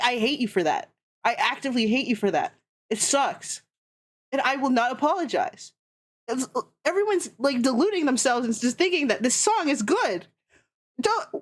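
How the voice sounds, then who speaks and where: A young woman streamer ranting heatedly and sarcastically in casual chat, swearing constantly. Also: sits high.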